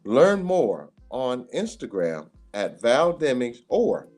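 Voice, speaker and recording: A man hosting a live talk radio show, emphatic and animated, breaking into laughter. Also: mid-range voice, slow, soft background music. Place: radio studio.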